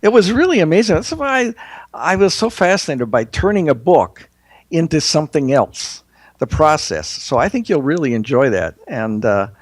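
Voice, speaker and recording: Guy guest on a political chat, animated storyteller, stumbles and restarts a lot. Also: fairly high pitch, dry recording. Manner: storytelling, lively, halting restarts. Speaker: guest author. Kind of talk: casual political talk show.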